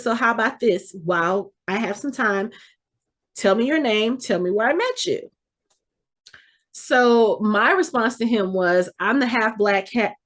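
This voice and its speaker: Chatty middle-aged woman storyteller. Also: mid-range voice. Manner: chatty, animated storyteller who restarts and corrects herself. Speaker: podcast co-host. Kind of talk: casual anecdote telling.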